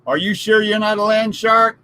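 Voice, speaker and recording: A wary, suspicious woman calls through her front door, her pitch nudged a little above the man's usual talk and her questions loud and pointed, as a man puts her on for a comedy bit. The whole thing is played as a goofy sketch retelling. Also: level tone, moderate pace.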